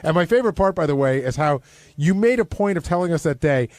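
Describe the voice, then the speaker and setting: Man on a radio show, blunt and needling, rattles off his points fast, high-pitched. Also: lively intonation, darkish tone, no room sound. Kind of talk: heated on-air argument.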